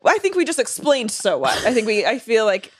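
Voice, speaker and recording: A woman's voice: on the high side, sing-song, a little fast, slightly rough, no room sound, clean studio sound. A young woman co-hosting a comedy podcast, sassy and teasing in casual banter. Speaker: podcast co-host.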